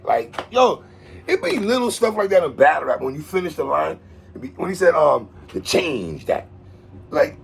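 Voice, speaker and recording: A man hosting a casual battle rap recap, slangy and animated, getting excited over lines he likes. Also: on the high side, a little hiss or hum. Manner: animated, slangy, excited outbursts about bars.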